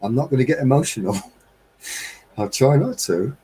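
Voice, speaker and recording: A man's voice: medium pitch, lively intonation, normal speed, mellow, a little hiss or hum, low-quality recording. A man hosting a casual live-stream chat from a home setup, talking in a rambling, chatty way and chuckling often. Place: home studio with green screen.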